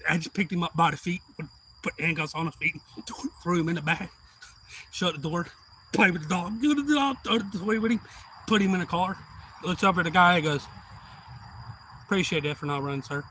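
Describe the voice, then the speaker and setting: On a live stream, a man tells a wild story with excitable whooping and cussing, acting out what people said. His voice sits high at a moderate pace with long pauses, and the rough recording carries some hiss or hum.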